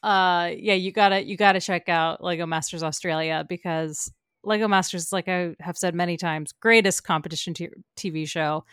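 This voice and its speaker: A woman's voice: fairly low pitch, steady tone, a bit bright, clear, resonant tone, no room sound, studio quality. A woman co-hosting a casual pop culture podcast, gushing and laughing easily as she recommends shows. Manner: bubbly, gushing, quick laughs. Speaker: podcast co-host.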